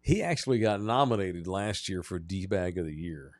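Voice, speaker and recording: A man's voice: low-pitched, expressive, moderate pace, no room sound. A man co-hosting a sports podcast, telling stories in a blunt, profane way. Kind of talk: casual sports chat.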